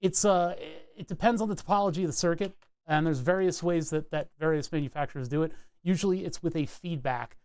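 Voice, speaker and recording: Guy kinda high voiced rambling thru datasheets, jokey, dry close sound. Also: a little fast, a little mellow, clear, resonant tone, no echo. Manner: chatty, rambling, jokey asides while reading datasheets. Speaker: PCB design streamer. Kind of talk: casual live-stream walkthrough.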